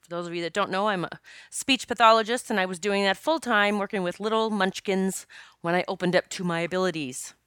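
A woman's voice: medium pitch, brisk, smooth, no echo. Chatty woman telling a story, dry sound. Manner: emotional, animated, swearing, frequent fillers. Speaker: psychic medium. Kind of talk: casual storytelling monologue.

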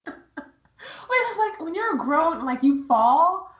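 A woman's voice: sits high, very animated, slow pace, dull audio, crowd noise. A young woman co-hosting a podcast in casual chat, laughing and joking at her own expense. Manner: chatty, laughing, self-mocking. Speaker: podcast co-host. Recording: roomy echo.

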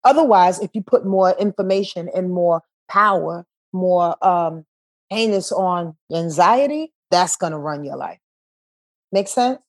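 A woman's voice: on the low side, a little slow. A woman as a podcast guest, talking casually and animatedly, acting out inner voices as she explains.

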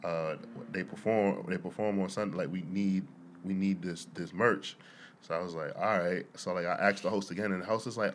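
A man's voice: low-pitched, fairly even intonation, moderate pace, a little hiss or hum. A young man telling a long story in casual podcast chat, with many fillers and laughs at the punchlines. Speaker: podcast co-host.

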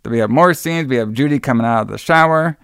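A man's voice: medium pitch, fast talker, creaky, a bit bright, clear, resonant tone, no echo, clean studio sound. A man co-hosting a podcast who recaps a movie in a rambling, laid-back way, laughing often and swearing freely. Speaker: podcast co-host. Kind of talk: casual movie recap chat.

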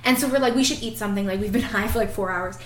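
A woman's voice: mid-range voice, racing, reverberant. A young woman casually telling a funny story on a podcast, laughing often and filling her talk with "like". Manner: giggly, frequent laughter and "like" fillers. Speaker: podcast co-host.

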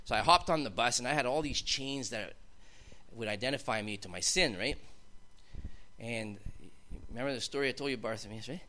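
A man with a medium-pitched, bright, forceful voice speaks briskly as he shares his personal testimony with a congregation. His storytelling is emphatic and builds toward fervent outbursts.

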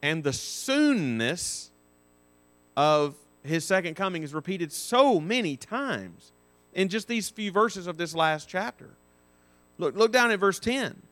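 Higher-voiced man teaching a Bible class. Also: very animated, takes it slowly, fairly bright tone. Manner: explanatory, cites verses, frequent restarts. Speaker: Sunday school teacher.

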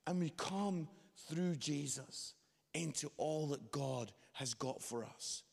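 A man preaching a sermon, telling a story with lively, animated delivery and quoted voices. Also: fairly high pitch, takes it slowly, creaky. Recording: long hall reverb.

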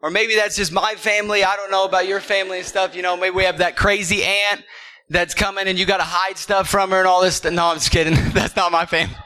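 A man with a very high, bright, ringing voice preaches to his church. He is emphatic and swings between shouted declarations and quieter, lower moments. He often stumbles over repeated words as he starts a new thought. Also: little pitch movement, fast, rough recording. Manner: emphatic preaching, builds to shouts and drops low. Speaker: pastor. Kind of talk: sermon. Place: church service with congregation.

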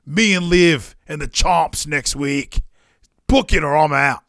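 A man's voice: on the high side, slow, fairly bright tone, dry recording, clean studio sound. A man voicing a boastful Australian woman wrestler with a put-on Australian accent, swaggering and demanding.

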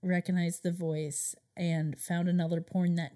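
A woman's voice: lowish voice, level tone, measured pace, dark tone. Play a woman relaying a story to her co-host, loose and conversational, with fillers. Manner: chatty storyteller, many fillers. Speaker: podcast co-host. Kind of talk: casual chat.

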